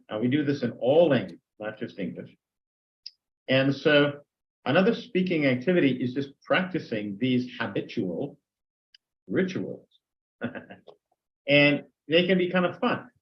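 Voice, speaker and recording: Older man lecturing teachers, dull lo-fi sound. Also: mid-range voice. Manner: conversational, acts out sample dialogues. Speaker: teacher trainer. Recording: dull lo-fi recording.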